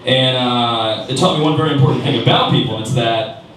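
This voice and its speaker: A man doing a stand-up comedy set on a club stage, his pitch swooping up high for punchlines. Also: fairly quick, a bit bright, far from the mic. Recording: echoey club recording from afar, crowd noise.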